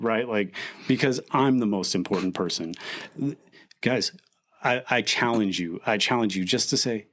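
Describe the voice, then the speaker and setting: Low-voiced man rambling in casual chat. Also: normal speed, a bit bright. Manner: rambling, full of restarts and "like". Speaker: podcast co-host. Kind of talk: casual faith-based chat.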